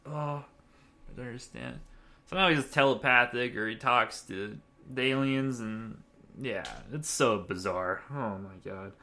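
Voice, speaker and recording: A young man hosting a podcast, giving a rambling, excitable movie review and laughing often. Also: medium pitch, unhurried. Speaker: podcast host.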